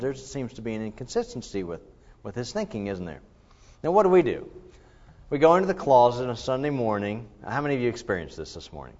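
A man's voice: mid-range voice, quick pace. A man preaching a conversational sermon, asking his listeners questions and adding his own asides. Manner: conversational, animated, asks the congregation questions. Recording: slightly dull lo-fi recording.

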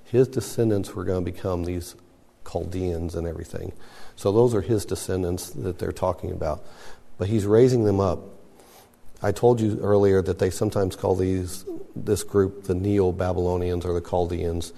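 A man's voice: low-pitched, fairly even intonation, normal speed, creaky, warm tone. A man teaching a Bible class in a conversational, emphatic way, putting questions to the class. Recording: long hall reverb.

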